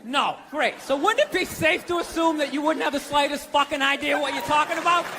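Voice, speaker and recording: A man's voice: extremely high pitch, fairly quick, noisy background. A man doing a stand-up comedy set, ranting in a profane and incredulous way on a stage before a live audience. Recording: live broadcast with loud crowd laughter.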